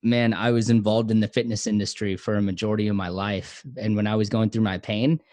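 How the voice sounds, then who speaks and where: A man's voice: lowish voice, flat delivery, fairly quick, darkish tone, no echo. A man co-hosting a podcast, talking in a candid, laid-back way. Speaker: podcast co-host. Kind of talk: casual podcast talk.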